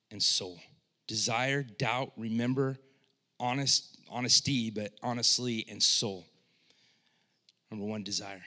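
Bright-voiced preacher, hushed to fervent. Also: male voice. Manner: swings from hushed, low delivery to loud impassioned cries; conversational, with frequent "like" and restarts. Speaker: pastor. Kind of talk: sermon.

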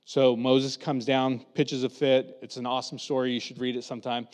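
A man preaching a lively storytelling sermon, acting out quotes in different voices. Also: mid-range voice, normal speed, big-room sound. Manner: animated, acts out quotes with voices.

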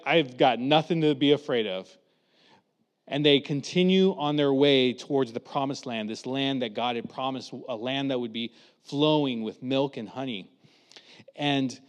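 A man preaching a lively storytelling sermon, acting out quotes in different voices. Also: mid-range voice, big-room sound. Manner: animated, acts out quotes with voices.

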